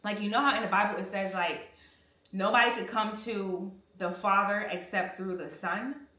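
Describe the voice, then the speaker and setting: A woman's voice: medium pitch, normal speed. Slangy young woman in an echoey bathroom. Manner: candid, slangy, animated retelling. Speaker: vlogger. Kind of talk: casual storytime while cleaning. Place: home bathroom. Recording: echoey bathroom, mic at a distance.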